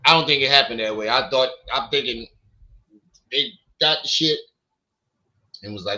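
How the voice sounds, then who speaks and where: A man's voice: medium pitch, normal speed, pauses often, bright, forceful tone, poor audio. A man hosting a livestream, telling profane stories in casual chat and acting out what other people said. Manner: profane, storytelling, acts out quotes. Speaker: livestream host.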